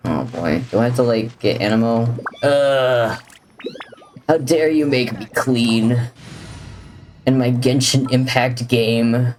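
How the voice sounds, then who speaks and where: A mid-range, slightly mellow male voice takes its time, with a little hiss or hum on the recording. He's a livestreamer giving casual gameplay commentary, reading chat, joking, and drifting between viewers and the game. Faint game music can be heard.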